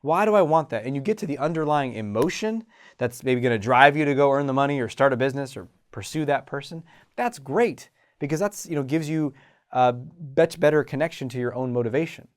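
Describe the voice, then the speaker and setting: A man hosting a self-help show about confidence, talking in an animated way and acting out inner voices. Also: medium pitch, a little fast. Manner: animated, acts out inner voices, frequent restarts. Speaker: host and confidence coach. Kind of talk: motivational self-help talk.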